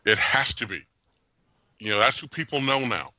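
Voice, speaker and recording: Man, podcast host, dry close sound, animated, opinionated, casual film review. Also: mid-range voice, moderate pace, no room sound. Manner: animated, jokey, opinionated, laughs often. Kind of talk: casual movie review chat.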